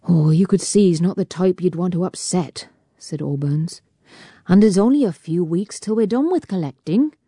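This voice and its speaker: A woman doing a quiet, evasive working man. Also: on the low side, expressive, normal speed, slightly rough, dry recording, studio quality.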